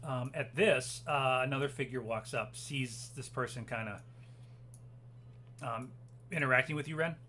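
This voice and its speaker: A man narrates a tabletop game as game master, loose and hesitant and full of fillers. His voice sits in a middle range with a bright tone, and a faint hum runs underneath. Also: medium pitch, a little slow, pauses often.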